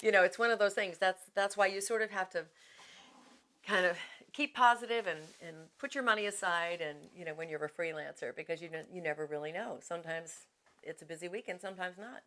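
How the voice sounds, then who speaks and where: A middle-aged woman voice actor talks through interview answers, chatty and self-deprecating. Her voice sits a little low, and she restarts her sentences often. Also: brisk, pushed and bright.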